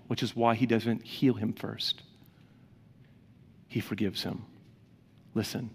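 Speaking earnestly and conversationally, a pastor addresses his congregation in a medium-pitched voice that is creaky and husky. The sound carries the long reverb of a large hall.

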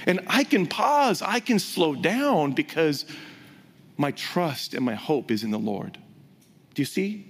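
A man preaching a sermon as pastor, animated, swinging between loud emphasis and hushed whispers. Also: on the high side, slow pace, husky. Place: church sanctuary. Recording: hall reverb.

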